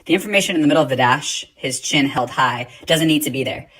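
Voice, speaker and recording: A man teaching a writing lesson, explaining grammar and rereading example sentences slowly and deliberately. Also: a little high, sharp tone, poor audio.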